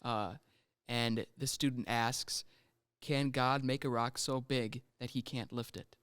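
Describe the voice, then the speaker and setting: A man co-hosts a relaxed faith podcast. His voice is smooth and clear at a middle pitch. He adds dry jokes and short, easy agreements. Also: takes it slowly, dry recording. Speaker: co-host. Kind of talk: casual faith discussion.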